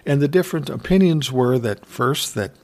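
A man casually retelling an event in unhurried, profane commentary, chuckling now and then. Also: mid-range voice, lively intonation, darkish tone.

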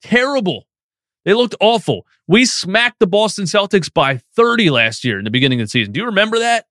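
A man's voice: high-pitched, big pitch swings, quick pace, fairly bright tone, no room sound, clean studio sound. A man hosting a live post-game sports stream, reading chat questions and ranting with feeling. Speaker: sports podcast host.

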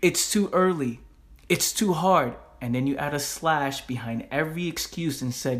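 A man's voice: a little high, moderate pace. Slangy New man hosting a podcast. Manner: animated, slangy, laughs often. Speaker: podcast host. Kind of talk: motivational podcast talk.

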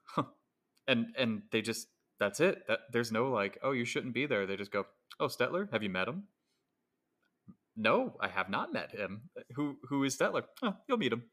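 A man's voice: mid-range voice, big pitch swings, normal speed, fairly bright tone. A man co-hosting a podcast, casually retelling a movie plot with laughs and restarts. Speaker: podcast co-host. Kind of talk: casual chat.

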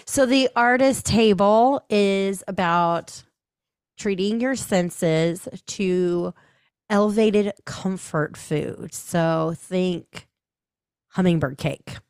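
A chatty woman co-hosting a podcast, talking at an unhurried pace. Her voice is close and dry, with no room sound, and she laughs easily as she runs through the news. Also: mid-range voice, darkish tone, clear, resonant tone, dry recording. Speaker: podcast co-host. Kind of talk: casual chat.

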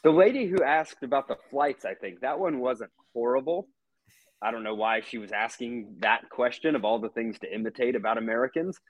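Easygoing low-voiced male co-host. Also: no room sound, poor audio. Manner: easygoing, rambling. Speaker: podcast co-host. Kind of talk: casual podcast chat.

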